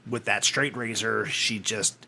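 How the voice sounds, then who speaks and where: Bright-voiced male co-host, faint hiss. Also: on the low side, fairly even intonation, gravelly. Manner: quick agreeing interjections, fills in plot details. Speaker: podcast co-host. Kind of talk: casual movie commentary chat.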